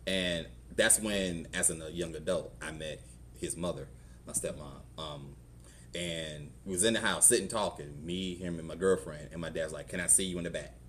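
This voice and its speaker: A man's voice: deep voice, moderate pace, fairly bright tone, slight background noise. A middle-aged man with a Southern US accent, a pastor telling his own story in a conversational sermon and acting out the voices in it. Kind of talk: testimony sermon. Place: church.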